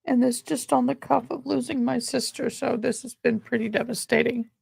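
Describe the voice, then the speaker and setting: Grieving woman host, voice a bit high, lots of ums, slow and halting, dry close sound. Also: steady tone, gravelly, darkish tone, slightly rough, dry recording. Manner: halting, pausing often with ums. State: grieving, near tears. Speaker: courtroom commentary host. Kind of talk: casual livestream talk.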